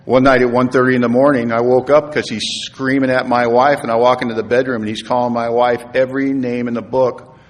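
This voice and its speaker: A middle-aged man giving an earnest recovery talk to an audience, telling a personal story and sinking to hushed tones at its tender moments. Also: mid-range voice, little pitch movement, brisk. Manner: earnest storytelling, acts out voices in quotes, drops to hushed tones. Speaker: AA speaker. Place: meeting hall. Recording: long hall reverb.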